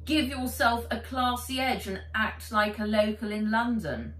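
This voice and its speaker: A woman's voice: on the high side, unhurried, a bit bright, roomy sound, recorded from a distance, voice pushed up, rough recording. Fizz, a woman voicing an earnest dragon robot. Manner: mock-formal olde-English speech. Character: male dragon robot, earnest and eager to please.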